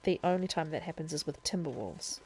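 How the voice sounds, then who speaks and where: A woman talking casually into a desk mic on a live game stream, walking viewers through each step and thinking aloud as she goes. Her voice sits a little low and sounds mellow, with a faint hiss of room ambience behind it. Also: expressive, a little fast. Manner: chatty and explanatory, thinking aloud as she plays.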